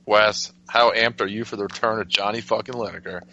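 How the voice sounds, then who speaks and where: A man's voice: fairly low pitch, steady tone, a little fast, vocal fry, pushed and bright, dull audio. A man hosting a casual podcast, running through the fight card and swearing freely. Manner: loose and profane, leads the segments. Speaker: podcast host. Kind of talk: casual MMA preview talk.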